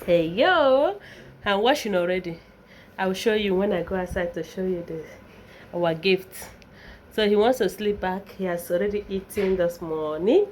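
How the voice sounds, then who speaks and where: A woman's voice: medium pitch, moderate pace, a little mellow, a little hiss or hum. A young Nigerian woman vlogging at home, playful and laughing often as she coaxes her baby son. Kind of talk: casual home vlog talking to camera and her baby. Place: home, indoors.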